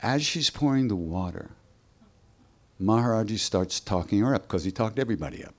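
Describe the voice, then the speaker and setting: A man telling a spiritual story at a live workshop in a relaxed, conversational way, acting out the voices of the people in it. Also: fairly low pitch, fairly quick.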